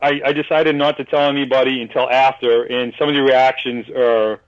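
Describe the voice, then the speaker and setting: A man's voice: medium pitch, flat delivery, a little fast, no echo, highs cut off. A man from New England, a podcast guest, telling a long story in a rambling way, with many restarts and acted-out bits of other people's lines. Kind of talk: casual storytelling.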